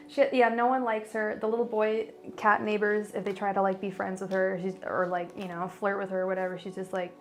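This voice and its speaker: A woman's voice: medium pitch, steady tone, moderate pace, hardly any pauses, faint music behind. A woman doing a casual livestream as a tarot reader, talking in a bubbly, gushing, giggly way with lots of fillers.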